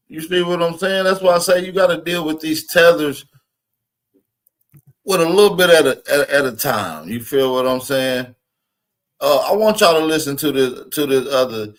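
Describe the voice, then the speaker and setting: A man hosting a casual reaction commentary, talking in loose, slang-heavy banter and laughing often. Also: mid-range voice. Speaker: commentary host.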